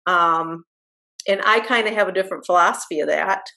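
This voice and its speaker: A woman hosting a webinar discussion as bereavement manager, thoughtful and halting, often restarting her sentences. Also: on the low side, gravelly, pushed and bright.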